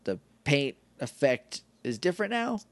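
Bright-voiced man in a dry podcast recap. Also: on the high side, very animated, measured pace, dry recording. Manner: joking, rambling recaps. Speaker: podcast co-host. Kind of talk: casual chat.

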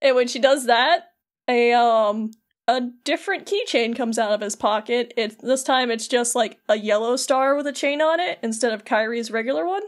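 Chatty woman podcast host telling a game story, lots of "like", bit high voice. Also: moderate pace. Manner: animated storytelling, full of "like". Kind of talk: casual game recap chat.

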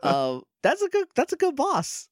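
A man's voice: very high voice, huge pitch swings, moderate pace, no echo. A man co-hosting a podcast, chatting casually over a video call, rambling with lots of fillers and frequent laughs. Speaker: podcast co-host. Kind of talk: casual chat. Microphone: remote video-call mic.

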